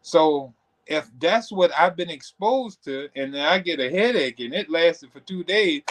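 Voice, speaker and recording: A man hosting a livestream, talking in an animated, conversational way with many asides. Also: a little high, unhurried. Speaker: host. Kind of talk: motivational talk on a livestream.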